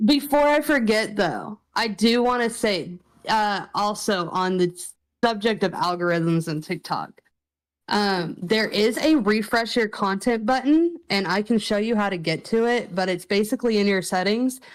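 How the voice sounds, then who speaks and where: A woman who is a podcast guest, chatting casually and giving calm, reassuring advice. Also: medium pitch, normal speed, poor audio.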